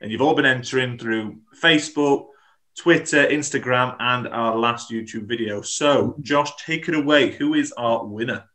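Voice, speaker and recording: A man's voice: mid-range voice, moderate pace. A man hosting a podcast quiz, reading clues and laughing often. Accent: English. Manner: laughing, excitable quizmaster. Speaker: podcast host running a quiz. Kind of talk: casual chat.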